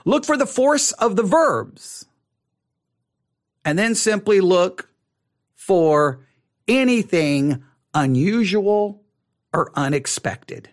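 Animated man teaching Bible study. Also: sits high, slow pace, long pauses. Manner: animated, repeats and restarts phrases, acts out reactions. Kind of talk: casual teaching talk.

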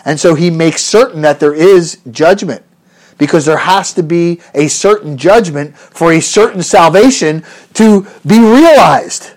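A man's voice: a little high, moderate pace. A man preaching an expository sermon in an earnest, emphatic way, rising on rhetorical questions and often restarting his phrases.

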